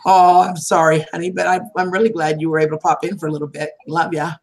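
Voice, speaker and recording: A woman's voice: sits low, little pitch movement, very fast, poor audio. A woman hosting a livestream, chatting casually and laughing often, her voice starting to tire. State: voice tiring. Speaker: livestream host. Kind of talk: casual chat.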